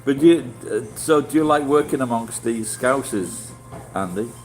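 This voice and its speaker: A man's voice: medium pitch, lively intonation, normal speed, darkish tone, faint music behind, rough recording. A middle-aged man with a Yorkshire accent, chatting casually with live viewers in a rambling, blunt way and swearing freely. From Yorkshire, England. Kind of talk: casual livestream chat.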